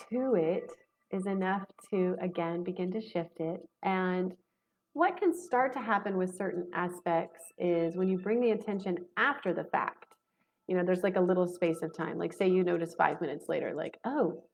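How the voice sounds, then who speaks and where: A woman's voice: lowish voice, moderate pace, vocal fry. A woman in her forties teaching in a frank, casual way, slipping into quoted inner voices. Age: 40s. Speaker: spiritual coach.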